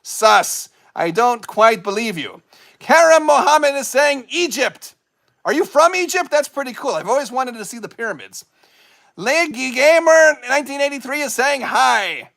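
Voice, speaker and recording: A man's voice: extremely high pitch, lively intonation, moderate pace, vocal fry, fairly bright tone, exaggerated voice. A man voicing a goofy male skeleton puppet host who rambles and jokes while chatting with live-stream viewers. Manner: rambling, jokey, self-mocking.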